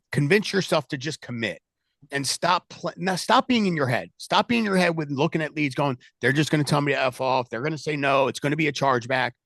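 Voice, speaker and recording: A man's voice: fairly high pitch, vocal fry, a bit bright, no echo, clean studio sound. A man leading a sales team call, giving a direct, motivational pep talk to his agents over a video call.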